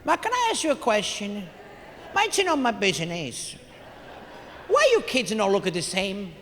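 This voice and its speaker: A man voicing a blunt, nosy immigrant aunt in her eighties who speaks slow, broken English. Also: high voice, wildly swooping pitch, noisy background. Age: 80s. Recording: echoey hall, faint ambience.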